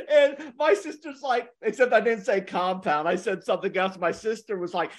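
A man's voice: sits high, measured pace, a bit bright. A young man co-hosting a podcast, telling a story in a casual way, with joking asides and frequent laughter. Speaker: podcast co-host.

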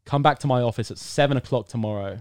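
A young man from the United Kingdom talks fast in a clear, resonant, medium-pitched voice as a podcast guest, recounting a long story in a relaxed interview. He performs the quotes animatedly and bursts into loud excitement at times. The sound is dry and cleanly studio-recorded.

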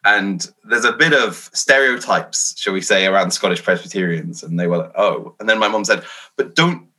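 This is a man raised in England who works as a minister, answering interview questions in an earnest, thoughtful way. His voice sits fairly low, with a bright, forward tone, and he pokes gentle fun at himself as he talks. He sounds like he is thinking his answers through as he goes. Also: a little fast, poor audio. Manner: earnest, reflective, self-deprecating. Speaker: Free Church minister.

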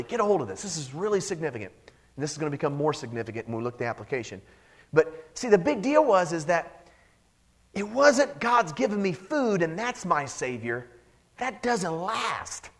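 A male pastor preaching a lively sermon, joking and acting out the people in the Bible story. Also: high-pitched. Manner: animated, joking, acts out Bible characters.

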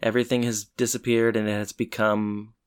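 A man co-hosting a casual recap chat, retelling scenes with relaxed, dry asides. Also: fairly low pitch, fairly quick, clear, resonant tone. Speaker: podcast co-host.

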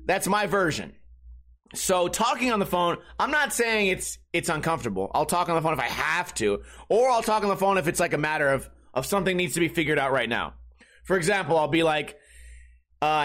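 Young guy podcast host, high bright voice, rambling swearing story, yells when he acts stuff out. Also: lively intonation, fairly quick. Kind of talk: casual comedic monologue.

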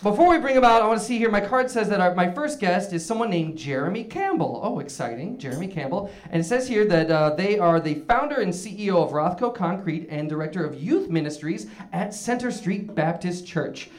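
A high-voiced, stammering host, played by a man, full of showman gushing. He stumbles through restarts and fillers yet keeps hyping the crowd. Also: expressive, fairly quick, few pauses. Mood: eager. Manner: showy and effusive with the crowd. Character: eager, bumbling male talk show host. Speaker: talk show host. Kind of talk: improvised comedy scene.

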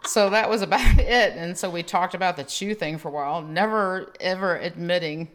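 A woman co-hosting a podcast, telling a dating story in casual chat, animated and laughing as she goes. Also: fairly low pitch, normal speed, a little hiss or hum. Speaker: podcast co-host.

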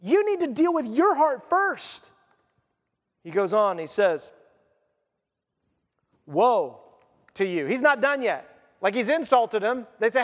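A man with a fairly high voice preaches a sermon, talking to the congregation in a casual, animated way. His voice carries with a long reverb from a large church hall. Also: unhurried, long pauses. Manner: conversational, animated, laughs at his own points. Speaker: pastor.

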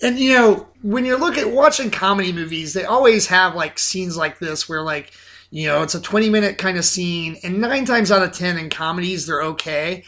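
Podcast co-host, male, high and bright voice, animated and halting, repeats himself. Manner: animated, repeats words, many restarts. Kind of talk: casual film discussion.

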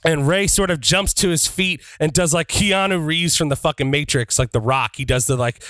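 A man narrates his wrestler's moves during a tabletop game, in a bright, slightly high voice. He talks in a playful way, with plenty of swearing. The sound is dry and close. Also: normal speed, few pauses, dry recording. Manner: profane, playful, switches into shouted wrestler taunts.

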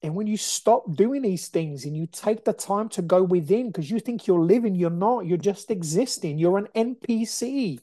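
A woman gives a motivational podcast monologue in a blunt, fired-up, foul-mouthed manner. Her voice is warm and mellow. It is recorded dry, with no room sound. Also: medium pitch, animated, normal speed, hardly any pauses, no room sound. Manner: blunt, profane, impassioned ranting. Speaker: podcast host.

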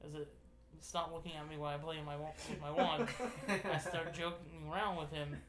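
A man's voice: on the high side, flat delivery, brisk, a bit bright, roomy sound, a little hiss or hum. A man in his thirties chatting casually with friends, telling self-deprecating jokes about his trip. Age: 30s. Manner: joking, self-deprecating storyteller. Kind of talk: casual chat.

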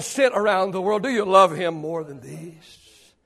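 A man preaching a sermon as pastor, repeating rhetorical questions, building to shouts and then dropping to a hush. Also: high voice, animated, measured pace, creaky. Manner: preaching with rising shouts and sudden hushed drops.

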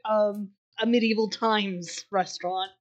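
A woman's voice: medium pitch, steady tone, measured pace, lo-fi sound. A woman co-hosting a podcast, speaking casually and keeping the talk moving. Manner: brief, agreeable replies. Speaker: podcast co-host.

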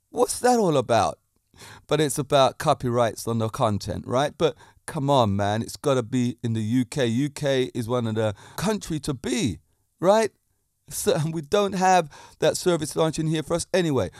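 Animated man podcasting. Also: mid-range voice, dry recording, clean studio sound. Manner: animated, laughs loudly at own jokes. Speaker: podcast host. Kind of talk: casual podcast monologue.

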